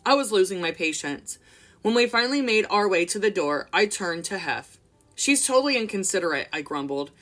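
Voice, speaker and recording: A woman's voice: fairly low pitch, normal speed. Young woman reading a memoir aloud. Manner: expressive reading, casual asides. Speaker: book reader and commentator.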